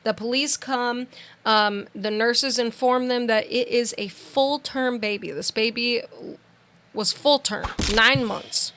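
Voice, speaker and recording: A woman's voice: fairly high pitch, slow pace, slight background noise. A young woman co-hosting a podcast, retelling a true-crime case in casual chat with lots of "like"s and acted-out quotes. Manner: animated storytelling, many "like"s and quoted voices. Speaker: podcast co-host.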